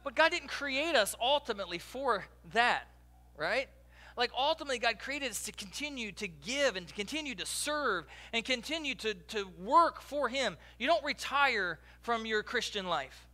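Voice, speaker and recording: A man preaching a sermon as a pastor, joking and talking directly to the congregation in a lively, conversational way. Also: very high voice, moderate pace. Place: church.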